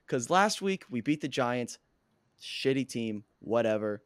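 Hoarse male co-host, an excitable sports fan, with a dry, close sound. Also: mid-range voice, a little slow, no room sound. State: hoarse, lost his voice. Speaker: podcast co-host; coach. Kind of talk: casual sports chat.

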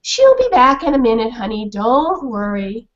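A woman's voice: a little high, big pitch swings, moderate pace, highs cut off. Woman doing an offhand man teacher. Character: easygoing, dismissive man teacher.

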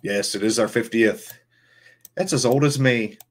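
A man's voice: mid-range voice, unhurried. A man in his fifties hosting a casual podcast with jokey, hype-man greetings. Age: 50s. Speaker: podcast host. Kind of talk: casual chat.

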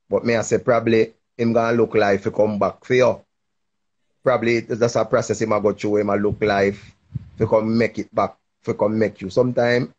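A man's voice: fairly low pitch, darkish tone, highs cut off. A man, hosting a casual advice chat and encouraging a listener in a preachy tone. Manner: preachy, encouraging, patois-heavy. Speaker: live stream host giving advice.

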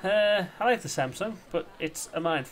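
A young man casually commenting on his own gameplay, rambling and chatty, with sudden silly shouts. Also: high voice, animated, normal speed. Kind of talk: casual let's-play commentary.

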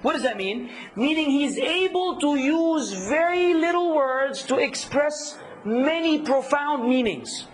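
A man teaching a workshop, lively, quizzing his audience and acting out hecklers. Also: extremely high pitch, slow pace, rough recording. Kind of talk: workshop lecture.

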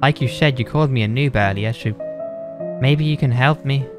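A man's voice: mid-range voice, normal speed. Mock-polite male gamer over guitar music. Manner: mock-polite, begging then threatening. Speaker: player in a group raid. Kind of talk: in-game voice chat.

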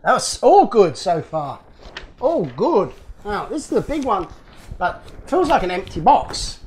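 A man's voice: high-pitched, background noise. An Australian man chatting casually while unboxing toy models as host of his channel, rambling and joking at his own expense. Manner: chatty, rambling, self-mocking jokes. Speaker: model car restorer and YouTuber.

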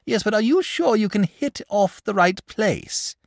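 Man doing nervous fussy dragon, high swooping storybook voice. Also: wildly swooping pitch, moderate pace, no room sound, clean studio sound, exaggerated voice. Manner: polite, anxious, prim. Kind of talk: audiobook character voice.

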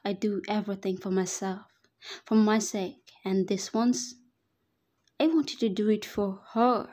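Woman reader for a first-person story, steady, mellow dark voice, occasional slips. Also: mid-range voice. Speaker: fan fiction reader.

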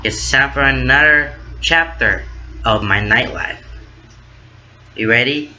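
A man hosting his own channel, reading his fan fiction story aloud in a casual, slow narration. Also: mid-range voice, sharp tone, dull audio, a little hiss or hum.

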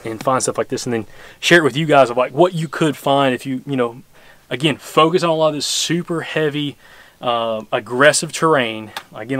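A man hosting a hunting channel, talking excitedly and rambling through a field scouting walkthrough outdoors on a wooded bluff. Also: medium pitch. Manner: excited, rambling, repeats words.

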